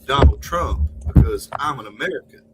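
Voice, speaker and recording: A man's voice: mid-range voice, lively intonation, normal speed, loud music behind the voice, natural voice, low-quality recording. A man doing an earnest patriotic statesman.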